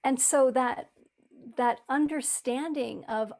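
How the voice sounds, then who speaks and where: A woman with a fairly high voice, talking in an earnest, reflective way. She often restarts her sentences and acts out the voices in her head as she goes. She is a spiritual author and teacher, speaking in a conversation. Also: moderate pace.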